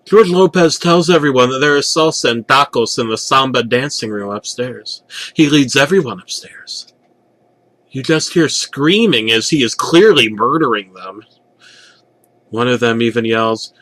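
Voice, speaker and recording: A man's voice: medium pitch, lively intonation, measured pace, a bit bright, dry recording. A young man narrating a parody creepypasta with a sarcastic, profane delivery.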